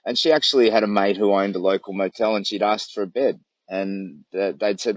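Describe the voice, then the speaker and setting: A man's voice: fairly low pitch, a little fast, no echo, lo-fi sound. An Australian man on a long charity walk, chatting casually to a livestream from his camp in the bush and telling rambling stories with a laugh. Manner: rambling, warm storytelling with laughs. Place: camped outdoors in the bush. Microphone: phone livestream.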